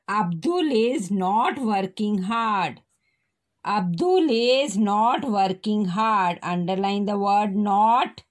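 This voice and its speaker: Woman teacher, very slow and patient, spells each word out for young pupils. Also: medium pitch. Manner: slow, spells words letter by letter. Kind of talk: primary school lesson.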